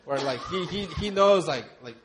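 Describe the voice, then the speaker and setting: A young man preaching, his voice sitting a little higher than most men's. He speaks conversationally, moving from quiet, earnest reflection into lively, laughing stories. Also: moderate pace. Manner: conversational, animated storytelling with laughter. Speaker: pastor. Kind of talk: sermon.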